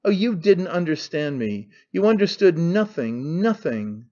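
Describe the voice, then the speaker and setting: A man's voice: a little high, sing-song, unhurried, dark tone, lo-fi sound. A man voicing an aged, theatrical father who cries out in wounded indignation. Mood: indignant. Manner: wailing, outraged outbursts.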